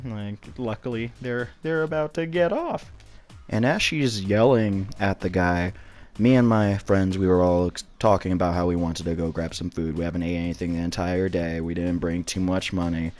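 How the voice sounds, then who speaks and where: A young man with a fairly low voice tells a personal story in a loose, rambling way. He stumbles into restarts and drops curse words as he goes, with soft music faint underneath. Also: expressive, normal speed. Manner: rambling, many restarts and swearing. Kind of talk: casual spoken storytime.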